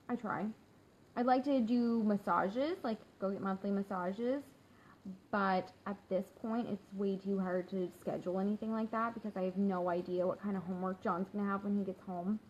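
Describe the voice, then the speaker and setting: Chatty woman streaming from her phone. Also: medium pitch. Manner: chatty and candid, with frequent fillers and laughs. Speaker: work-from-home mom and entrepreneur. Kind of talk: casual live-stream chat to viewers. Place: at home. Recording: slightly dull phone audio with faint hum.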